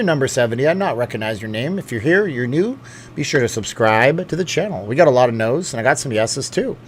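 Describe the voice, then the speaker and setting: A man's voice: medium pitch, slight background noise. Chatty man hosting a live stream. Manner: chatty and rambling, with many fillers and self-corrections. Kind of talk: casual live chat, reading viewer comments.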